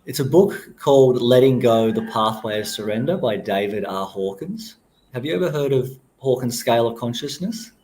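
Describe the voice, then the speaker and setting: A man explaining his approach calmly and thoughtfully as a guest on a podcast interview. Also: mid-range voice, moderate pace.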